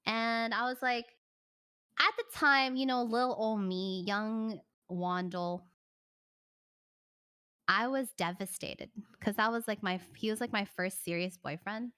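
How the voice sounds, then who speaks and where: A woman streamer casually telling a personal story, animated, swearing and full of "like" fillers. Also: fairly high pitch, takes it slowly, long pauses, clean tone.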